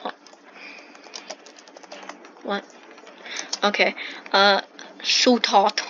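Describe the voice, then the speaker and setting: A woman commentating a game at an unhurried pace, reading on-screen text aloud and wondering out loud at it. Her voice is bright and a bit sharp. It comes through a dull, lo-fi mic with a faint hiss behind. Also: medium pitch. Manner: reads game text aloud with puzzled remarks. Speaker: gameplay video host.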